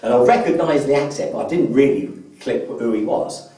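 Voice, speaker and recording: A man leads a motivational seminar, quizzing the crowd and often doubling his first words. His mellow voice is picked up from well back in a large convention hall that rings with echo. The delivery is a live seminar talk. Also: mid-range voice, brisk. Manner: polls the audience with questions, often repeats words when starting a phrase. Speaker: business mentor giving a training seminar. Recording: echoey hall, voice from far off.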